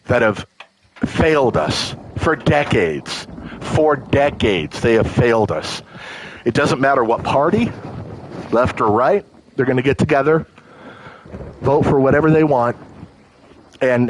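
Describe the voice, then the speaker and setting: A mid-range male voice comes through a rough recording with slight background noise. He's hosting a livestream and delivering an emotional, profane, heated political rant, often fumbling words and starting over.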